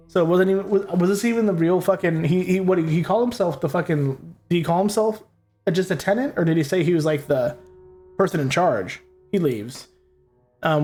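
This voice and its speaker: A man's voice: high-pitched, a little fast, darkish tone, soft background music. A young man casually commentating on a game he is playing, rambling and swearing freely. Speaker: gaming host. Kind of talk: let's play commentary.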